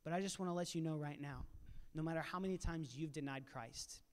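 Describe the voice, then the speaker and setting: A man retelling a scripture story in a casual, animated sermon style at a church panel. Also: fairly high pitch, brisk, clear, resonant tone. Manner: animated, casual retelling with playful voiced asides. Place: church auditorium. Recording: long reverb of a large hall.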